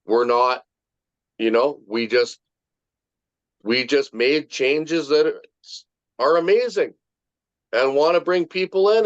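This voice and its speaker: In a muffled, dry video call recording with no echo, a man leads a casual motivational group talk in an online meeting. His voice is on the high side and slow, with long pauses, and he's emphatic, swearing freely and repeating his points.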